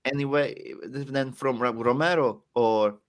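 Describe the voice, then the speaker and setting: A young man from the Czech Republic with a Czech accent, chatting casually as a podcast guest and laughing often. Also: measured pace. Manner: animated, laughs often, swings between excited and low. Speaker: guest wrestler.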